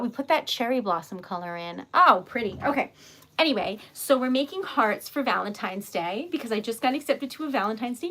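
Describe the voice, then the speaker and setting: A woman hosting a casual livestream while making wax seals, bubbly and excitable, giggling often and chatting with viewers. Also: a little high. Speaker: livestream host.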